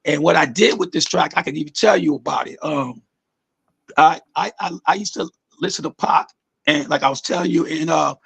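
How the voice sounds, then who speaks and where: A man's voice: a little high, brisk, creaky, a bit bright, breathy edge. A man, a music artist, talking loosely and at length about his songwriting in a casual interview, swearing often.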